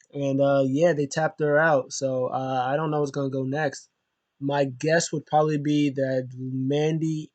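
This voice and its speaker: A man's voice: medium pitch, no echo, highs cut off. A young man giving a casual, rambling wrestling show recap with lots of slang and fillers.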